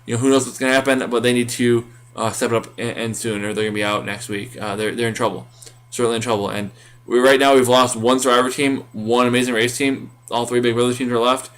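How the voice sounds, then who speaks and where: A man co-hosts a casual recap podcast, talking fast in a steady, mid-range, fairly bright voice. He rambles, filling his speech with fillers and restarts.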